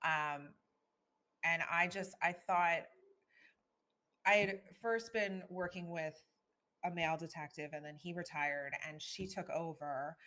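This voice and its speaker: Low-voiced woman telling her story. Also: fairly bright tone. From Philadelphia, USA. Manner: earnest, storytelling, frequent restarts. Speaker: guest author. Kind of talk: candid personal conversation.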